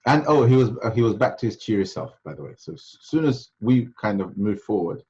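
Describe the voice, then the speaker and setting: Low, husky male religious teacher. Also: lively intonation, fairly quick, a little mellow, lo-fi sound. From Sylhet, Bangladesh. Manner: conversational, storytelling, frequent restarts. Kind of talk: informal lecture with anecdotes.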